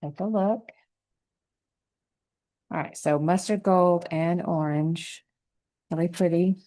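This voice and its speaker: A woman giving a relaxed, encouraging step-by-step painting lesson, thinking aloud as she paints. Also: on the low side, slow, poor audio. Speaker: painting instructor.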